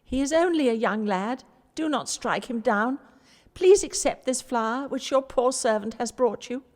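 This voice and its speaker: Woman reading as a high, begging old lady, terrified and pious, long reverb behind. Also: a little slow, darkish tone, lightly acted. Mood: pleading.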